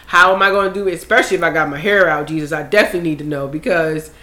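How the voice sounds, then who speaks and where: A young woman in casual group chat, animated and swearing when worked up. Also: sits low, racing. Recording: echoey room with faint noise.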